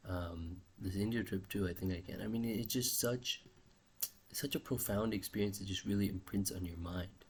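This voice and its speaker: A young man vlogs in a wandering, reflective way, tossing in casual swearing and often abandoning thoughts before picking up again. He speaks at normal speed in a low voice, over a faint hiss or hum.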